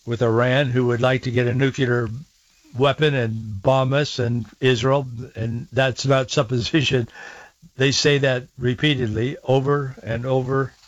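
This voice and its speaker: A man's voice: mid-range voice, no room sound, dull audio. A male host retelling a news story in a conversational, digressive way, restarting phrases as he goes.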